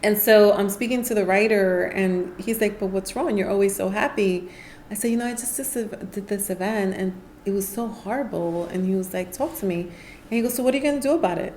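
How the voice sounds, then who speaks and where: A woman's voice: medium pitch, normal speed, a little hiss or hum. A woman, a guest on a podcast, telling stories in a casual chat and acting out the voices of people she quotes. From New York City. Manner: animated storyteller, acts out quoted voices. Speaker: podcast guest, nonprofit founder. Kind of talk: casual interview storytelling.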